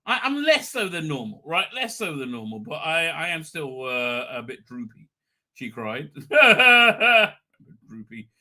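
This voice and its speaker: Middle-aged male stream host, slightly high and very sharp-toned, rambling and chatty, laughs easily while working through chat. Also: very animated, normal speed. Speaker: livestream host. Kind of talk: casual live chat, reading viewer comments.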